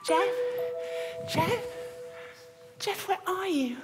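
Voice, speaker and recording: A lonely, awkward woman chasing an online date, her voice very high and her eager, rambling talk coming in fits and starts. The line rings through a theatre stage with a long reverb. Music plays clearly behind her. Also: animated, extremely slow, full character voice. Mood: anxious, pleading. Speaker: stage performer. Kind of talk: dance theatre monologue. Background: music score.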